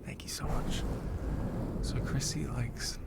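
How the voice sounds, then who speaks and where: A man hosting a whispered ASMR live chat, talking softly with his viewers. He is a bit congested. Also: slow pace. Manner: soft whispering, chatting with viewers. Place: lying down.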